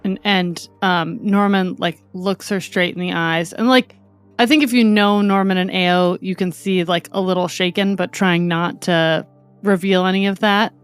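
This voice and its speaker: A woman's voice: lowish voice, fairly even intonation, moderate pace, smooth, faint music behind. A woman narrating her character in a tabletop game, hesitant with many fillers. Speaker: player. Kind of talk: tabletop role-play.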